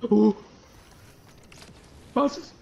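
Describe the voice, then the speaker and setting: A woman's voice: drawn-out words, dark tone, highs cut off. A woman gamer chatting casually while playing, playful and crude, swearing a lot. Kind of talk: casual gaming chat.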